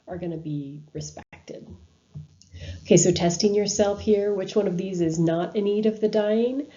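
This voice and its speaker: A woman's voice: fairly low pitch, mellow, dull audio. A woman giving a recorded university lecture over slides, talking in a conversational way with frequent ums and restarts. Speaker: university instructor.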